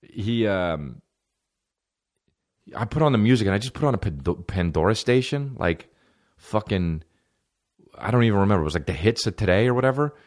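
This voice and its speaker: A man hosting a comedy podcast, telling rambling stories in an animated, profane way and acting out other people's voices. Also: lowish voice, moderate pace, pauses often. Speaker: podcast host.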